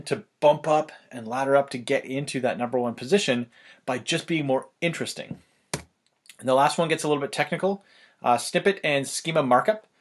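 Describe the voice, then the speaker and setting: A man, talking fast and loosely with lots of fillers as he explains online marketing, a little out of breath. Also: a little high. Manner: rapid, loose, filler-heavy delivery. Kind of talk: casual fast explainer talk.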